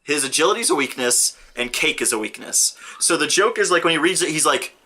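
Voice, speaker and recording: Casting: energetic male co-host, high bright voice, swears, acts out the scenes he retells. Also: fast talker, breathy edge. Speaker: co-host of a movie review show. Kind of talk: casual movie review banter.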